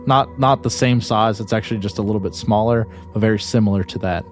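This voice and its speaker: A man's voice: fairly low pitch, fast, soft background music. A man narrating as game master in a tabletop game, describing scenes loosely with many restarts.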